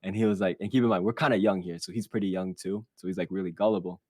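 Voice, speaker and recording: A young man with a fairly low voice tells a story from his childhood on a podcast, swearing freely and acting out what others said. He sounds close to the mic in a dry space. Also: fast talker, no room sound. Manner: animated and profane, quotes others in put-on voices. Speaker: podcast co-host. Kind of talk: casual storytelling.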